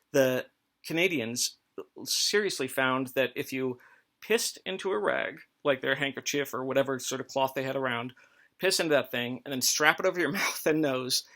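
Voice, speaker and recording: A man's voice: medium pitch, sharp tone. A man hosting a comedic history talk, rambling and mock-authoritative with crude jokes. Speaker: host.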